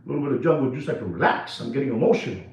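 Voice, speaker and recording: Excitable man ranting in an echoey room. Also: medium pitch, racing. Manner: animated, repetitive, switches into Spanish phrases. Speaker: watch dealer. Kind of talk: excited casual rant to camera. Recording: echoey room, dull lo-fi sound.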